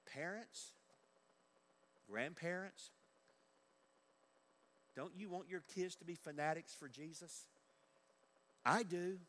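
A man's voice: fairly high pitch, slow pace, pauses often, fairly bright tone, slight background noise. An older man preaching a sermon in earnest, repeating his key questions for emphasis. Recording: echoey large hall.

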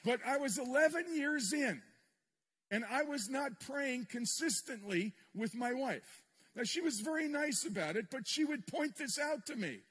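A man's voice: extremely high pitch, expressive, normal speed, a bit bright, slightly rough. An older man preaching a sermon to a congregation, telling a personal story in a candid, self-deprecating way with touches of humor. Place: church sanctuary with congregation. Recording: long reverb in a large hall.

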